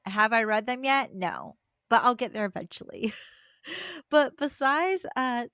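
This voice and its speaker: A young woman co-hosts a relaxed podcast, chatting with lively energy and slipping into quoted voices as she tells a story. Her voice sits a little high. The sound is close and dry, with no room around it. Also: a little slow, no room sound. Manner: animated, laughing, acts out quoted voices. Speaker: podcast co-host. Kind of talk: casual chat.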